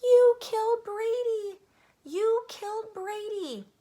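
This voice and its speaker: A woman's voice: slow, dark tone. A woman voicing a small boy who wails and cries in a storybook reading. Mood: wailing. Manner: high wailing cries. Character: small boy, wailing and tearful.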